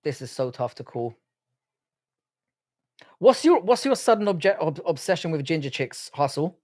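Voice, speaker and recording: An Irish man hosts a live fight watch-along stream, speaking in a slightly raised pitch. His delivery is casual and peppered with swearing. He reacts to the action as it happens and answers his chat. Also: big pitch swings, normal speed, a little mellow. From Ireland. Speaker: livestream host.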